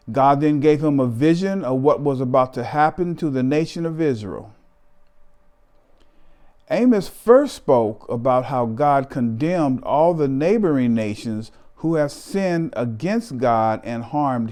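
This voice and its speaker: A man gives a Bible study lesson in a slow, unhurried delivery. His tone is mellow and dark, and his pitch sits in a middle range. He reads in a measured way and lets his voice fall away on each scripture reference. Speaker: Bible teacher.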